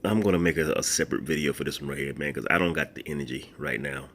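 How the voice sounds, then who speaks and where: A man's voice: a bass voice, fast talker, fairly bright tone. A middle-aged man vlogging casually to camera, swearing and laughing in disbelief while annoyed. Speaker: YouTube host unboxing a purchase.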